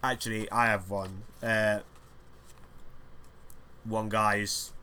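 A man's voice: on the low side, little pitch movement, slow, pushed and bright, slight background noise. Rambling, crude man hosting a podcast. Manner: rambling, crude, jokey banter. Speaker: podcast host. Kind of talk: casual solo podcast chat.

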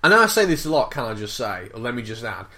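A man's voice: mid-range voice, sing-song, quick pace, sharp tone. A man co-hosting a casual podcast, incredulous and teasing, swearing freely. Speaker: podcast co-host.

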